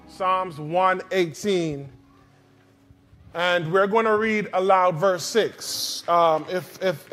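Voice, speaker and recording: A pastor preaching in a church, leading the congregation in call-and-response and repeating phrases slowly. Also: male voice, high voice, fairly bright tone. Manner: slow, drawn-out delivery with repetitions. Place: church sanctuary.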